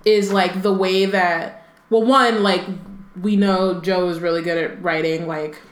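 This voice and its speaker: A woman's voice: lowish voice, steady tone, a little slow, echoey room. A woman co-hosting a book podcast, chatting casually and reading passages aloud, with many "like" and "um" fillers and playful asides. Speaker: podcast co-host.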